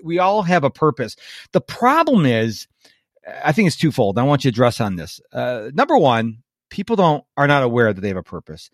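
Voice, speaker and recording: A man's voice: mid-range voice, normal speed, no echo, studio quality. A man hosting a podcast interview, chatting casually with jokes and earnest asides. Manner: animated, jokey and earnest. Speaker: podcast host.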